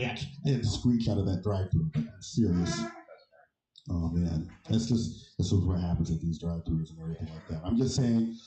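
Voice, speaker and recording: A man doing a stand-up set, telling stories loudly and animatedly with shouted quotes. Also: mid-range voice, roomy sound, low-quality recording. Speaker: stand-up comedian.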